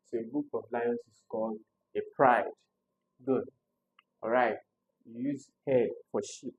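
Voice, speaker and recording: A male tutor talks students through exam answers. His voice sits at an ordinary middle pitch. He leans hard on key words, says each answer twice and keeps putting questions to the listener. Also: steady tone, measured pace, dull audio. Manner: emphatic, repeats answers, asks rhetorical questions. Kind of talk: exam-prep lesson.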